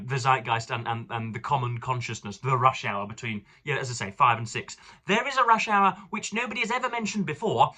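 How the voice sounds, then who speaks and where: Bright-voiced, wordy young English man. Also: mid-range voice. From England. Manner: wordy, digressive, fond of elaborate words. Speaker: book reviewer. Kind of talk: casual vlog monologue.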